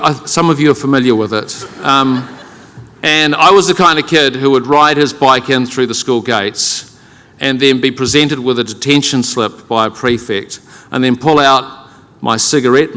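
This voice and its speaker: In a large conference hall before an audience, long reverb trailing his words, a middle-aged man with a New Zealand accent delivers a keynote of humorous, self-deprecating personal storytelling, wry and conversational. His mid-range voice is pushed and bright.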